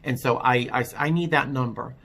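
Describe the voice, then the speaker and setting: A man with a bright, forward tone and an ordinary middle pitch tells his own story in a personal testimony vlog. He speaks candidly, with a wry edge, and often stops to restart his sentences. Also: gravelly. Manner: halting, with frequent restarts. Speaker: vlogger telling his recovery story.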